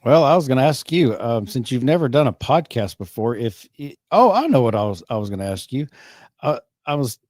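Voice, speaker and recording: A man's voice: medium pitch, sing-song, brisk, darkish tone, dry recording, studio quality. A man hosting a podcast, talking casually and rambling with many restarts. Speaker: podcast host. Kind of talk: casual chat.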